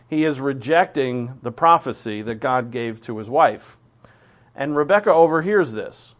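A man in his own plain voice works through a Bible passage, reading the verses and breaking off to explain them. He talks casually, with restarts and quick asides. His voice sits at an ordinary middle pitch. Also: animated. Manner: conversational, reads scripture aloud then comments, restarts and asides. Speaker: preacher.

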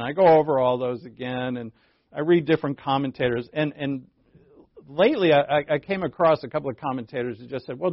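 A man's voice: mid-range voice, creaky, no room sound, muffled recording. A man preaching a sermon in a conversational way, often breaking off and restarting with playful asides. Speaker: pastor.

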